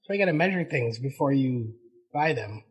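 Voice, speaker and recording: A man's voice: medium pitch, expressive, normal speed, breathy edge, poor audio. A man on a casual podcast, telling rambling stories and laughing often. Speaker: podcast host.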